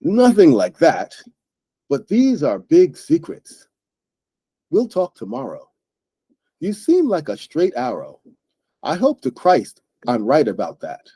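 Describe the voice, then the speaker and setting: A man reading aloud as a gruff, reclusive old man with raspy breathing, speaking bluntly and in a businesslike way. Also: on the high side, huge pitch swings, takes it slowly, long pauses, mellow, no room sound, full character voice. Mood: guarded.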